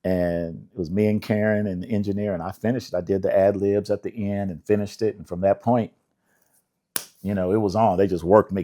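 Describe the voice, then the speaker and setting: An older man from Indianapolis, a songwriter being interviewed, telling relaxed stories with laughter and acting out the voices of people he quotes. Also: on the low side, fairly quick. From Indianapolis, USA. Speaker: songwriter guest.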